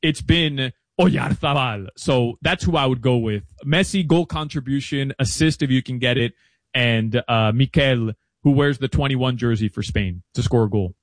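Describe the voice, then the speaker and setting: A man chatting as a guest analyst about soccer betting, chatty and animated with quick asides. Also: mid-range voice, no room sound. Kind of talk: casual interview chat.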